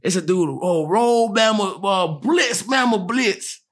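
A man with a high voice talks in an easy, rambling way on a comedy podcast. He tells stories and breaks into loud, shouted impressions of the people in them. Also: lively intonation, slow pace. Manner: loose storyteller, slips into loud impressions of people he tells about. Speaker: comedian guest. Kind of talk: casual podcast chat.

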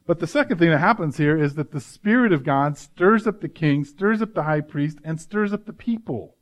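A man's voice: fairly high pitch, animated, moderate pace. A male pastor giving an earnest, conversational sermon, often adding "right?" to his points.

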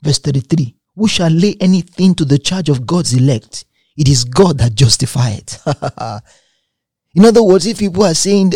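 This man's sermon is emphatic and animated, delivered at a measured pace as he reads scripture and repeats phrases for effect. His mellow, husky voice sits a touch high for a man, and the recording is dry and close with little room sound.

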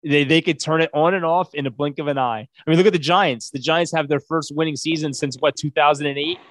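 A man co-hosting a casual sports podcast, making animated, exclaiming points about football. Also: a little high, fast, dry recording. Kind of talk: casual chat.

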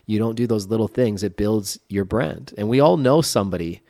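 A man's voice: on the low side, a little fast, dark tone, no echo, studio quality. A man in his forties co-hosting a podcast, talking casually and leaning on "like" a lot. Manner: conversational, uses lots of "like". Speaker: podcast co-host. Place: podcast studio.

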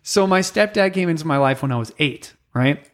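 Joking man telling stories, slightly high voice. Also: expressive, fairly bright tone. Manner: joking, mimics people in quick put-on voices. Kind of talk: casual comedic storytelling.

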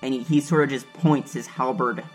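Man, game master, relaxed narration, halting fillers. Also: medium pitch, soft background music.

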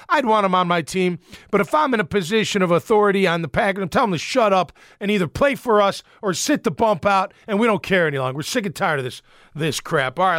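Heated high-voiced man ranting about sports. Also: a bit bright, no room sound, studio quality. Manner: blunt, heated, repetitive. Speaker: sports commentator. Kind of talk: opinionated sports rant.

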